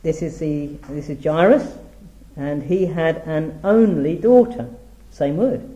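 A middle-aged male preacher teaches from the Bible in a measured way, stressing the words whenever he reads scripture aloud. His voice is very dark and mellow yet sits a little high for a man, and the audio is reverberant and poor.

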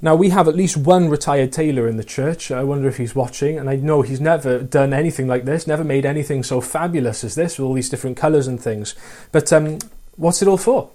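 A man preaching a sermon in a mellow, warm voice, set a little higher than most men's. He talks earnestly and often puts rhetorical questions to his listeners. Between them he reads passages of scripture aloud. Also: a little fast.

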